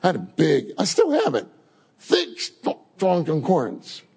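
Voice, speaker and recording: Lively gravelly male preacher. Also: on the high side, a little slow. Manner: animated, repeats words and calls out prayers. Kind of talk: informal sermon.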